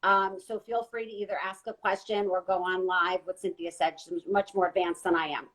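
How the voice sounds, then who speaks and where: A woman guest giving an earnest, gentle spiritual talk during a live online chat. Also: fairly low pitch, fairly even intonation, normal speed, poor audio. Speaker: guest intuitive reader. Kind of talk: casual live-stream talk.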